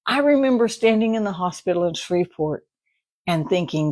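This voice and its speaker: A woman's voice: fairly low pitch, animated, moderate pace, darkish tone, no echo. A woman giving a casual morning devotional as a Bible study teacher, chatty and rambling, often laughing and asking "right?".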